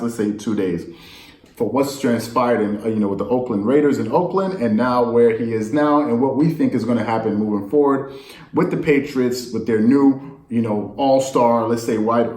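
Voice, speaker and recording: A man's voice: mid-range voice, darkish tone. Man riffing on sports news in an echoey room. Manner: rambling, incredulous, addresses viewers directly. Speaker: sports commentator. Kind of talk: casual sports talk monologue.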